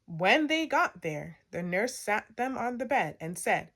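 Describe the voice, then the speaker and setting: A woman reading a children's picture book aloud, expressive and playful, acting out sound effects. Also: mid-range voice, a little slow, few pauses. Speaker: storytime reader.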